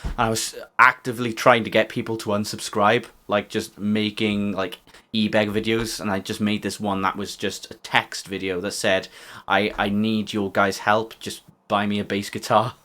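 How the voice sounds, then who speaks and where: A man's voice: lowish voice, level tone, moderate pace, sharp tone. A man making casual, self-mocking reaction commentary on his own old video. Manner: self-mocking, wry asides.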